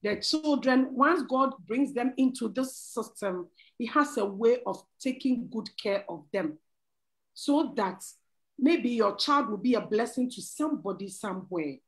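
A woman's voice: on the high side, animated, a little slow, poor audio. A middle-aged woman, sharing a testimony on a church talk show and earnestly pleading with listeners, often breaking into laughter. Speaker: panel guest.

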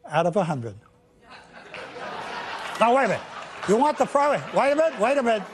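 A man's voice: very high-pitched, big pitch swings, a little fast, crowd noise, background noise. A man in his seventies, a game show contestant, chatty and joking with lots of exuberance. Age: 70s. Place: TV studio.

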